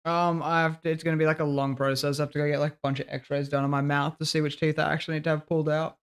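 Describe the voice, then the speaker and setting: A man's voice: on the high side, level tone, very fast, clean tone. A man in casual stream chat, joking and swearing freely. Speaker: streamer guest.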